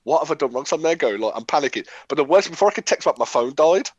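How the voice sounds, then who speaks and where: A man, telling stories in a casual chat, animated and laughing often. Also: fairly high pitch, very fast, dry recording, dull audio. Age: 20s. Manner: animated storyteller, laughs often, acts out quotes.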